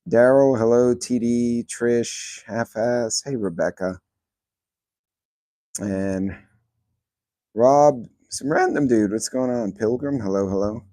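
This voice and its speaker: A man's voice: medium pitch, slow, pauses often, dark tone, dry recording, studio quality. A man hosting a casual livestream from a grassy yard, reading names out of the chat and talking to his dogs. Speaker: channel host. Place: yard of a rental house, outdoors. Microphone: phone on speaker.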